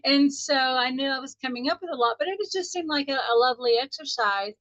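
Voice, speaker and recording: A woman's voice: high-pitched, quick pace, a bit bright, no echo, muffled recording. A middle-aged woman from Texas, a spiritual teacher telling a chatty story on a group call. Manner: chatty, anecdotal, laughs often. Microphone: call audio.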